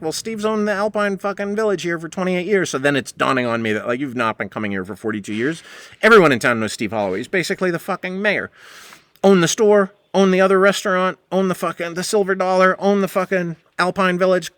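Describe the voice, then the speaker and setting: Profane animated man telling a story. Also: on the high side, quick pace, no echo. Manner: profane, animated, acts out quoted voices. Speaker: podcast host. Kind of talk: casual storytelling monologue.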